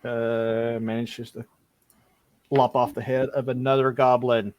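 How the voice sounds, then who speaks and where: A man's voice: mid-range voice, level tone, darkish tone, dry recording. Casual man running a tabletop game. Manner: casual, laughing, voices characters in quick bursts. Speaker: game master. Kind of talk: narrating a tabletop game live.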